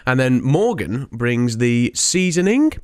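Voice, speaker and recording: A man's voice: medium pitch, big pitch swings, slow, darkish tone, no echo, studio quality. A young man co-hosting a podcast, telling stories in a rambling way and laughing often. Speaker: podcast co-host. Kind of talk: casual chat.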